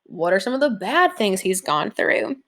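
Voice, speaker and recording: A woman's voice: mid-range voice, big pitch swings, moderate pace. A young adult woman teacher giving a casual recorded lesson from home, chatty and informal, with many fillers. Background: leaf blower outside.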